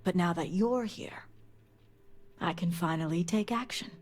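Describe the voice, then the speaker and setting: A secretive noble elder in a game. Her voice sits low and stays measured and formal, with a breathy edge. She sounds like someone guarding classified matters. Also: darkish tone. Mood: stern. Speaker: game character.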